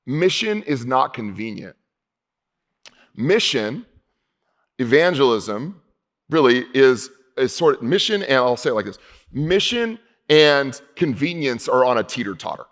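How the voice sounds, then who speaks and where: A male pastor preaching a sermon in a casual, conversational way, slowing down for emphasis and dropping low and quiet on key points. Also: big pitch swings. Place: church hall.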